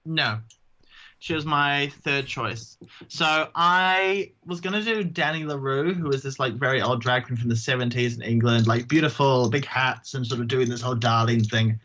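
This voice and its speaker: A man, a drag queen guest chatting casually in an interview, self-mocking and quick to slip into silly voices. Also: medium pitch, steady tone, bright, forceful tone, highs cut off.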